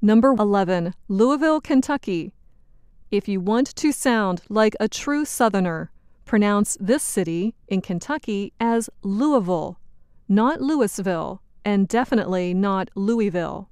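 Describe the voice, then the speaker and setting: A woman narrates a scripted language lesson in a smooth, resonant voice. She speaks in a measured, teacherly way, and the studio sound is dry and close. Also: mid-range voice, animated, a little mellow, no echo. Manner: clear, measured, teacherly delivery. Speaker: co-presenter of a language program.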